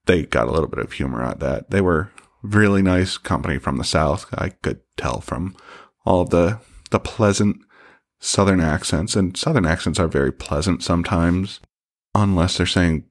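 A man's voice: sits low, animated, normal speed. A middle-aged man hosting a podcast, telling a personal story in a candid, joking way and swearing freely. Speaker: podcast host.

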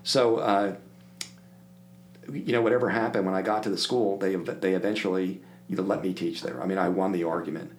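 An older man from the Philadelphia area, a guest telling animated stories and acting out the people in them. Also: low-pitched, brisk, a little hiss or hum. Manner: animated anecdote-telling, acts out quoted voices. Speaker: podcast guest. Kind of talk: casual storytelling.

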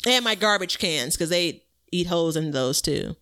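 A woman's voice: on the low side, expressive, moderate pace, sharp tone. A woman hosting a gardening podcast, chatty and laughing often as she explains tips. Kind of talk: casual chat.

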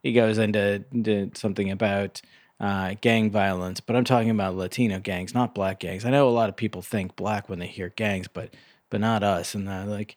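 Lower-voiced man joking on a podcast. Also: fairly even intonation, brisk, darkish tone, no echo, clean studio sound. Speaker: podcast co-host. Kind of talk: casual movie review chat.

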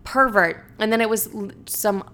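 A woman's voice: mid-range voice, a little fast, a bit bright. A young woman, telling a story in a casual, profane monologue full of "like" fillers. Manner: chatty, profane, frequent "like" fillers. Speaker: podcast host.

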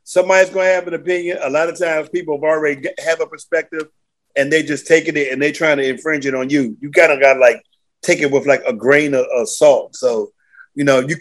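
A man's voice: on the high side, a bit bright. A man co-hosting a radio talk show, casual and emphatic. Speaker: radio co-host.

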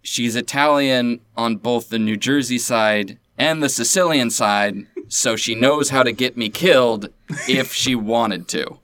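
A man's voice: medium pitch, a little slow, a bit bright, dry recording. Wry young male podcast co-host. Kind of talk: casual podcast chat.

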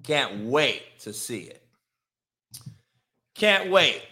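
A man's voice: medium pitch, big pitch swings, extremely slow, bright, forceful tone. A man hosting his own live stream, talking loosely and rambling, then ranting profanely at people in his chat. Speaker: live show host. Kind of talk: casual live-stream talk.

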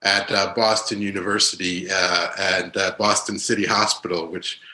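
A middle-aged male doctor, born in Haiti and raised in New York, answering interview questions in a halting, thoughtful way with many pauses. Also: deep voice, little pitch movement, sharp tone, echoey room, low-quality recording. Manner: halting, thoughtful, full of uhs. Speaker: physician guest.

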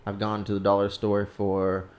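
A man's voice: fairly low pitch, completely flat delivery, normal speed, a little mellow. A man co-hosting a podcast in casual chat, teasing and joking crudely. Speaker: podcast co-host.

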